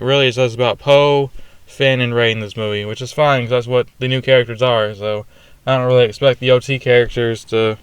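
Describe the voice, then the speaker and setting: A man's voice: medium pitch, fairly bright tone, clean tone, dry recording. A young man giving a casual, ranting and profane movie review, full of fillers like "like" and "you know". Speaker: film reviewer.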